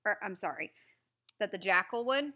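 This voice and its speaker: A woman's voice: medium pitch, animated, moderate pace, sharp tone. A woman reading a story aloud as a teacher, patiently stopping to prompt her listeners with questions.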